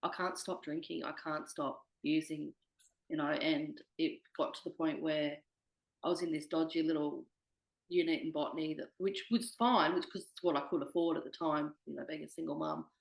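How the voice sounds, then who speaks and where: A young woman with a low, gravelly voice talks openly in an interview. She swears freely and acts out her own past words. The room around her has an echo. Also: fairly even intonation, fairly quick. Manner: candid, swears freely, quotes herself. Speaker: interview guest. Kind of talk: candid personal conversation.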